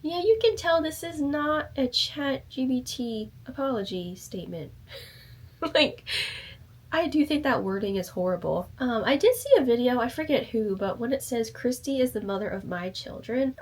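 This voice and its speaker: A woman hosting a casual commentary video, reading out comments and reacting to them. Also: a little high. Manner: chatty, reads comments aloud and reacts. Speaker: commentary channel host.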